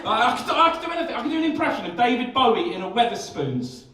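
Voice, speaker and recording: A young male stand-up comedian performs live on a comedy club stage, sweary and self-mocking, rambling with many restarts. His voice is extremely high, sing-song, rapid-fire, bright and forceful. The mic is distant in an echoey club room, with audience noise.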